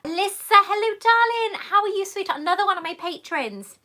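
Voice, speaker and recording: Bright, chatty British woman streaming live. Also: extremely high pitch, lively intonation, brisk. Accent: British English. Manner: chatty and affectionate, calls viewers love and sweetheart. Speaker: YouTuber hosting a live Q&A. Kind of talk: casual live-stream chat reading viewer comments. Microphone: camera mic on a monopod.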